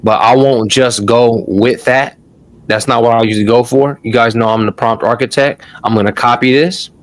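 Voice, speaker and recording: Male host, casual live-stream teacher, loose and profane, mid-pitched voice. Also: steady tone, moderate pace. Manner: loose and chatty, swears, calls the audience "y'all". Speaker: online course host.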